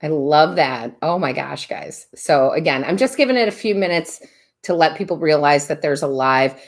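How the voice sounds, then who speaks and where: Woman, low pitch, chatty live-stream host, laughs a lot, reads out viewers' names. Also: animated, normal speed. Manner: chatty, laughs often, greets viewers by name. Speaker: tarot reader and medium hosting a live stream.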